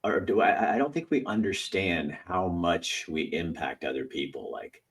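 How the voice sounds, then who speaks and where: Animated low-voiced man telling stories. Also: moderate pace, far from the mic. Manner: animated storyteller, acts out voices, laughs often. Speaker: host. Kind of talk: casual storytelling conversation.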